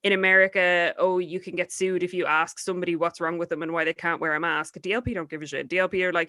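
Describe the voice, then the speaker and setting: Irish woman, young adult, podcast co-host, blunt and sweary, bright voice, dry close sound. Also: on the low side, little pitch movement, quick pace, few pauses, no room sound. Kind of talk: casual chat.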